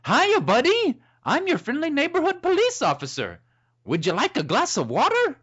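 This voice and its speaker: A man's voice: very high-pitched, wildly swooping pitch, moderate pace, fairly bright tone, voice pushed up, exaggerated voice. A man voicing a cheerful, overfriendly male police officer in a hammy sing-song read, on dull lo-fi podcast audio. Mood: sugary.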